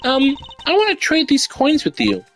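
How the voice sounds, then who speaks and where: A shy little girl from a video game speaks in a squeaky, very high voice, as a man puts her on. Her lines come out small and timid, with faint music in the background. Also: lively intonation, normal speed.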